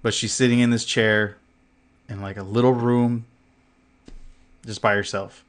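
A man's voice: medium pitch, level tone, unhurried. A man co-hosting a podcast, telling a story in casual chat, full of fillers, swearing and laughter, acting out what others said. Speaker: podcast co-host.

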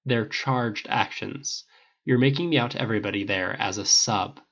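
A man's voice: fairly low pitch, normal speed, vocal fry, fairly bright tone, muffled recording, a little hiss or hum. Man reading as Tony Stark, flippant and blunt. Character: brash sarcastic man, quick and defensive.

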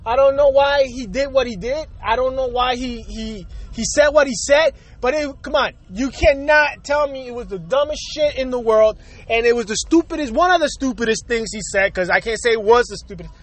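Young guy ranting on his own podcast, high pitched, cussing a lot, keeps repeating himself. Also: moderate pace. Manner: profane, exasperated ranting with frequent repetition. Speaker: podcast host. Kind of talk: solo rant podcast.

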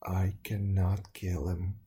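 A man voicing a cold, ghostly snow woman who speaks slowly and solemnly, chanting her commands. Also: deep voice, little pitch movement, mellow, a little hiss or hum, voice pushed down.

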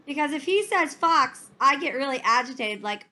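A woman playing in a tabletop game, giggly and animated. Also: sits high, moderate pace. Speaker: player. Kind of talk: tabletop role-play.

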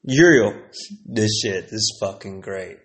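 A man's voice: lowish voice, a little slow, a bit bright. A man in his forties telling old stories alone on a stream, rambling, slangy and profane. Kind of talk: casual storytelling alone.

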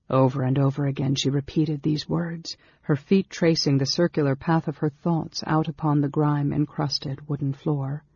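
A narrator reads a novel aloud in a husky, breathy voice, measured and steady. The sound is dull and completely dry. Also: mid-range voice, no echo. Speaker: audiobook narrator.

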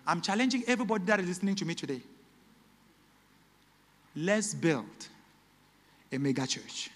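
A male pastor, preaching a sermon that swings between shouted peaks and hushed, low passages. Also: big pitch swings, moderate pace, long reverb tail.

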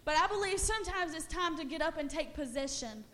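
A young woman preaching a sermon with passion, building to loud, repeated calls to her congregation. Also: sits high, expressive, brisk, slight background noise. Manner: impassioned, builds to shouted repetition.

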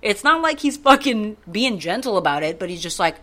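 A woman's voice: mid-range voice, brisk. A woman co-hosting a podcast, rambling through a story in casual chat and swearing freely. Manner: profane, rambling, animated. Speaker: podcast co-host.

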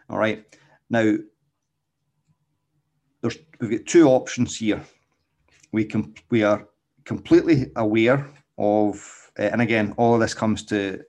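Male podcast host and dog trainer, low voice, casual, stumbles and restarts, ends points with "okay?". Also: darkish tone. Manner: tags nearly every point with "okay?". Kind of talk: casual explanatory podcast talk.

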